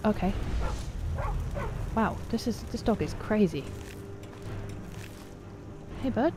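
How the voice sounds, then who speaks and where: A young woman giving casual commentary while streaming a game, chatting with her viewers and reacting loudly. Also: medium pitch, lively intonation, slow pace, pauses often, over music.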